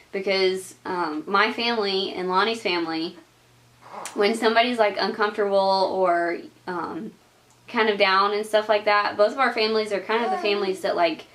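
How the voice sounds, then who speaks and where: Young woman chatting to camera, laughs a lot, says like constantly, mid pitch. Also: fairly bright tone. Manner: chatty, laughs often, uses lots of "like". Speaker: vlogger. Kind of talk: casual advice chat to camera.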